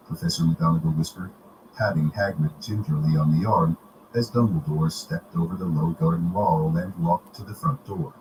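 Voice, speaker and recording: A man reading a storybook aloud on a live stream, in a steady, expressive manner. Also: low-pitched, normal speed. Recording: noisy home recording.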